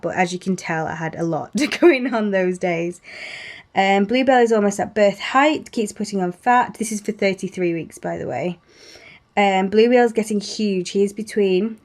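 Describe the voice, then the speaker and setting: A woman's voice: mid-range voice, darkish tone. A young woman telling a story in a chatty way to her camera, laughing often and acting out the quotes. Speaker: vlogger sharing pregnancy updates. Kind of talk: casual chat.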